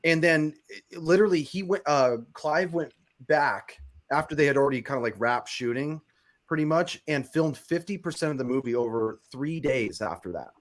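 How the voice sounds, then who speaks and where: A man's voice: on the high side, normal speed. A man talking as a guest screenwriter in a casual film discussion, rambling and emphatic, swearing freely.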